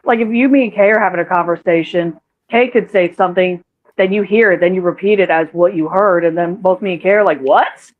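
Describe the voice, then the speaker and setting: A woman with a lowish voice on a tinny, phone-like line, chatting loosely on a podcast. She swears freely and laughs a lot. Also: fast talker. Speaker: podcast co-host. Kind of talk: casual chat.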